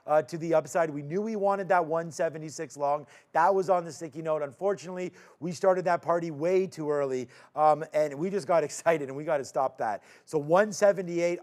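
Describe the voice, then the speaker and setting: Man, market show host, upbeat, jokey asides, fairly high voice. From Canada. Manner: upbeat, joking, quick asides. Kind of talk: casual market recap chat.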